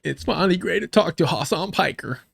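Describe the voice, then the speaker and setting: A man's voice: sits high, expressive, brisk, creaky, a bit bright, breathy edge. A man commenting on a live stream in a heated, sarcastic and profane way. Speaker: streamer reacting to a debate.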